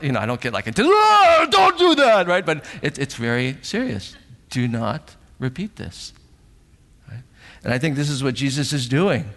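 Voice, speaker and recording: A middle-aged pastor preaches a sermon in a church sanctuary, animated, acting out voices and asking rhetorical questions. His pitch is fairly high, and the recording carries a long hall reverb.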